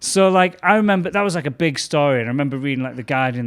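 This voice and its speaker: A man's voice: on the high side, lively intonation, racing, a bit bright, clean tone. A young man, a comedian guest chatting casually and telling stories with laughs. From England. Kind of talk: casual chat.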